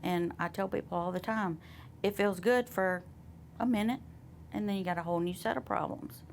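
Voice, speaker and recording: A woman guest sharing a personal testimony in conversation, soft and reflective, pausing often. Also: mid-range voice, vocal fry, slight background noise. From Southern United States. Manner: soft, reflective, with many pauses and fillers. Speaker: interview guest.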